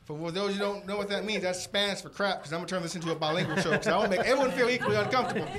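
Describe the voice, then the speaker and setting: A man's voice: high voice, very fast, a bit bright, some chatter behind, slight background noise. A man from Texas with a Texan accent, telling folksy, self-mocking stories in a stand-up comedy set.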